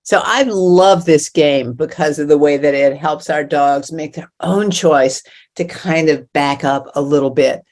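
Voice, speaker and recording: A woman dog trainer chatting in a relaxed, thoughtful way with occasional fillers. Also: sits low, unhurried. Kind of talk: casual webinar chat.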